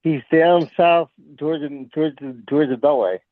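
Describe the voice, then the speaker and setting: A man's voice: a little high, normal speed, dry recording. A man co-hosting a casual podcast chat, teasing and repeating himself over a tinny phone-like line. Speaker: podcast co-host.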